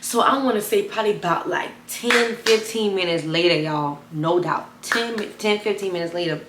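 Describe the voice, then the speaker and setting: A young woman telling a wild personal story to camera, animated and chatty, talking straight to her viewers. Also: moderate pace, roomy sound, noisy background. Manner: animated, addresses viewers as y'all, bursts of high excited retelling. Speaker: storytime vlogger.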